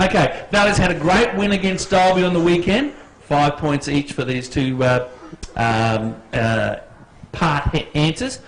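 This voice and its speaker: A man's voice: a little high, a little slow, low-quality recording. An Australian man hosting a live quiz at a football club, jokey and teasing with the contestants. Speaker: quiz host.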